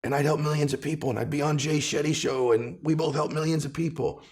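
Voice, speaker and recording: A man's voice: fairly high pitch, steady tone, quick pace, a little mellow. A middle-aged man talking in an interview, passionate, building emphasis through repeated phrases. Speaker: podcast guest and author. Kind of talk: conversational interview.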